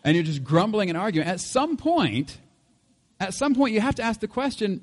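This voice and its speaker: A man's voice: high-pitched, expressive, fairly quick. Man preaching in an echoing hall. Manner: conversational, laughs often, uses everyday examples. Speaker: pastor. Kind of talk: sermon.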